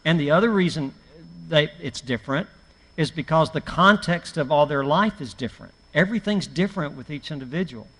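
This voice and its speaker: A middle-aged male preacher with a fairly high voice, teaching a church class in a folksy, storytelling way and poking fun at himself. His voice rings with the long reverb of a church hall on a live stream. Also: lively intonation, a little fast, a bit bright. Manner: folksy, anecdotal, self-mocking humor. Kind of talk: conversational church class talk.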